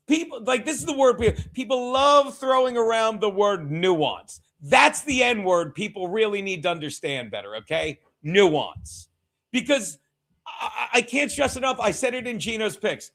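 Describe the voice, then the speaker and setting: A man hosting a casual sports watchalong stream, talking excitably with profanity and joking asides to his chat. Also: sits high, moderate pace, low-quality recording. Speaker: livestream host.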